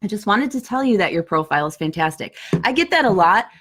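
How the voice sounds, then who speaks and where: A woman in her thirties co-hosting a casual chat, chatty and quick to laugh. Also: medium pitch, big pitch swings, fairly bright tone, husky. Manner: chatty, reads dating messages aloud with laughs. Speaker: podcast co-host.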